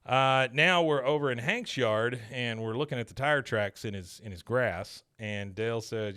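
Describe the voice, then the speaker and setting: A man's voice: mid-range voice, normal speed, hardly any pauses, clean tone, dry recording. Rambling male podcast host, dry mic. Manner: animated storyteller, loose and rambling with filler words. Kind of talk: casual episode recap chat.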